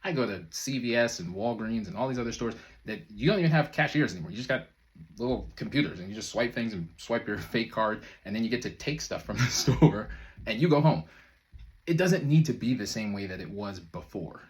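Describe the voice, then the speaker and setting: Talking to camera in a relaxed motivational style, a manifestation coach fills his speech with fillers and short chuckles. His fairly low voice is expressive and fairly quick.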